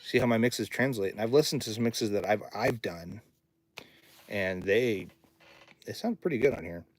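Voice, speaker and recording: Male studio owner, casual livestream host, slightly low voice, rambling chat, reads chat comments aloud. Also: normal speed. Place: home recording studio.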